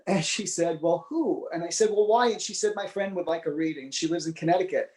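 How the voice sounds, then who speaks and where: Male interview guest, slightly high voice, lively storyteller who acts out the people he quotes. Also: a little fast, few pauses, low-quality recording. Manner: animated, acts out quoted dialogue. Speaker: psychic medium guest.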